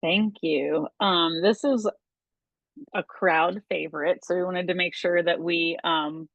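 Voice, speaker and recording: Low creaky-voiced woman, hesitant teacher. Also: steady tone, slow pace, fairly bright tone, no room sound, dull audio. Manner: hesitant, many ums. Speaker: theatre teacher. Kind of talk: casual workshop instruction.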